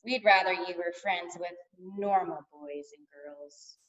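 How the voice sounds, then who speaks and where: A woman's voice: fairly low pitch, slow, a bit bright. A woman voicing prim, disapproving suburban parents in a storybook reading. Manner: fussy, disapproving. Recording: distant dull lo-fi sound.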